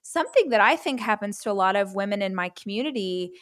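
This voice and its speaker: A woman's voice: mid-range voice, lively intonation, fast, a bit bright. A woman hosting a podcast, chatting enthusiastically with her guest. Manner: enthusiastic, gushing. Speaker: podcast host. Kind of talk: casual interview chat.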